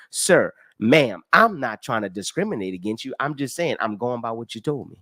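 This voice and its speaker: A man's voice: mid-range voice, normal speed, few pauses, no room sound. A man teaches taxes in a casual, emphatic way, counting out form lines and stopping to ask his listeners rhetorical questions. His voice rises and falls a lot as he drives each point home. The sound is close and dry, with no room around it. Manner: emphatic and animated, with rhetorical questions and folksy talk; walks through a form line by line, counting aloud. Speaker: tax educator. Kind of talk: casual explanatory lesson. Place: live stream with comments.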